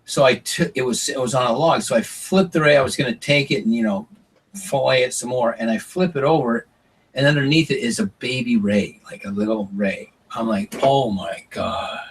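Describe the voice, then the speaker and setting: A middle-aged man guesting on a podcast, telling stories in a lively way, acting out what people said and swearing casually. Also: medium pitch, brisk, distant mic, slight background noise. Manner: animated storyteller, acts out quotes, swears casually. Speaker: podcast guest, former reality show contestant. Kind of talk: casual storytelling interview.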